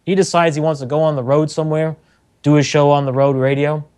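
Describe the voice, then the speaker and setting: Middle-aged male radio engineer, animated anecdote teller with a slightly high voice. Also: fast. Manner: animated storyteller, acts out quotes, laughs often. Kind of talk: telling anecdotes on a talk show.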